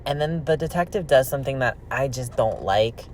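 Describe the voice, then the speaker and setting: A man casually narrating a true crime story with an opinionated, animated delivery while he opens trading cards. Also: medium pitch, fairly quick, slight background noise. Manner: chatty, opinionated, animated retelling. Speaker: card-opening vlogger telling a true crime story.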